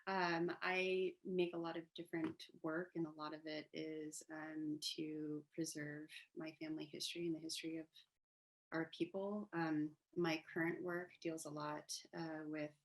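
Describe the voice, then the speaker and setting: A woman artist speaking on a video call panel, soft and halting, with many pauses and fillers, growing emotional as she talks. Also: low voice, flat delivery, low-quality recording. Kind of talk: casual panel talk. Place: downtown apartment with street noise.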